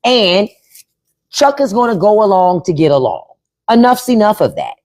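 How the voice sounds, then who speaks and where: Blunt, lively-voiced woman livestreamer. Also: medium pitch, normal speed. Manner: blunt, profane, repeats herself for emphasis; reads out chat and spells names. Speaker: podcast host. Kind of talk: casual live-stream chat.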